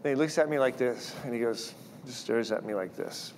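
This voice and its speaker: A man preaching a sermon, telling personal stories in an animated way and acting out the voices of people he quotes. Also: mid-range voice, brisk, slight background noise. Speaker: guest speaker.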